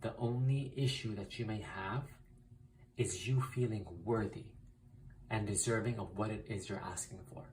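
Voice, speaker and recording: A man's voice: on the low side, distant mic, slight background noise, poor audio. A man teaching a spiritual writing technique in a casual, emphatic way, repeating key phrases and swearing mildly for emphasis. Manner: emphatic, repetitive, uses mild swearing. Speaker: spiritual content creator. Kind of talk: casual instructional vlog.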